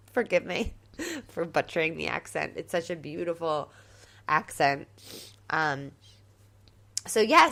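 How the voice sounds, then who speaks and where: A woman's voice: on the low side, a bit bright. A woman hosting her own podcast as a life coach, chatting casually in a bubbly, gushing way, with many fillers and an upbeat, motivational tone.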